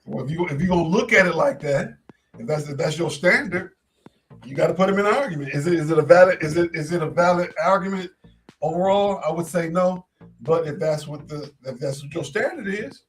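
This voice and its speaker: A man hosts a casual sports talk show in a fairly high, easygoing voice. He often stumbles and repeats words as he thinks aloud. Faint music plays behind him. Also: brisk. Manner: laid-back, repeats words when thinking.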